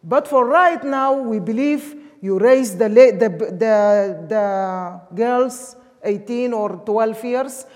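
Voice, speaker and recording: A woman's voice: on the high side, slow pace, few pauses, a little mellow. A woman from Sudan, preaching a sermon emphatically in English. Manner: emphatic, with non-native English grammar. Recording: long hall reverb.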